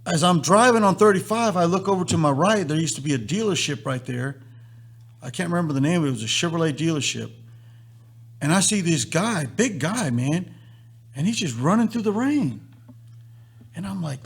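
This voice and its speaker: Guy hosting a live stream, kinda high gravelly husky voice, tells stories and acts out all the quotes. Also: moderate pace. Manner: animated storyteller acting out quotes. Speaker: host.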